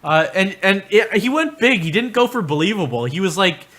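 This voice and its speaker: Casting: male streamer, bright tense tone, crude mocking ramble. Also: high-pitched, expressive, a little fast, few pauses. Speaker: livestreamer. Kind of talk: profane livestream rant.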